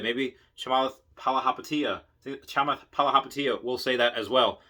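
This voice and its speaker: A man giving a casual, rambling monologue, excitable, with many restarts. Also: medium pitch, a little fast, few pauses. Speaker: investing vlogger.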